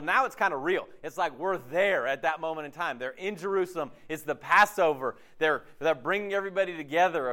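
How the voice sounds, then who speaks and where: A man with a high-pitched voice delivers a conversational sermon. He talks casually and with energy, slipping into quoted speech to make his points. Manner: casual, animated, acts out quotes. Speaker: pastor.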